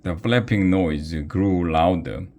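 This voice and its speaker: Slow, deep-voiced man reading a children's book. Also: darkish tone, slight background noise. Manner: unhurried, with small slips and restarts. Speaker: reader.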